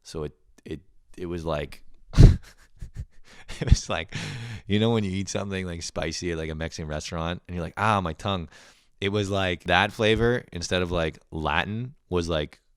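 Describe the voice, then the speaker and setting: Deep-voiced man ranting casually. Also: normal speed, smooth, dry recording, studio quality. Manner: rambling, profane, heavy use of "like". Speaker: podcast host. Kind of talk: casual comedic rant.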